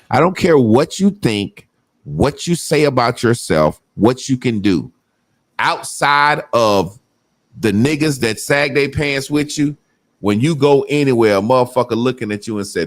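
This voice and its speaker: Animated profane man on a podcast. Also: mid-range voice, a little slow, dry recording, studio quality. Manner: animated, profane storytelling with mocking quoted voices. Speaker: podcast co-host. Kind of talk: casual podcast talk.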